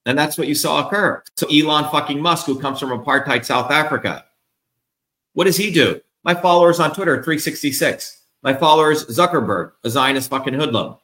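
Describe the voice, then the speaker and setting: A man's voice: mid-range voice, pushed and bright, roomy sound. A man being interviewed as a political candidate, ranting in a combative, profane, emphatic way. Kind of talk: heated interview rant.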